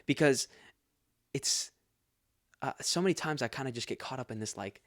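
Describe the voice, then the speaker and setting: A man's voice: medium pitch, a little slow, pauses often, no echo, studio quality. A man hosting a faith podcast, talking earnestly and casually and laughing often. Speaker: podcast host.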